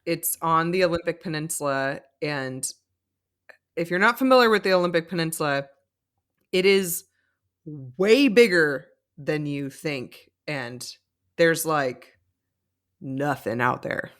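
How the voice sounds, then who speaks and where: A woman's voice: low voice, slow. A woman co-hosting a podcast, recapping reality TV in casual, chatty talk full of "like" and laughter. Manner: chatty, animated, lots of "like", laughs often. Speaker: podcast co-host.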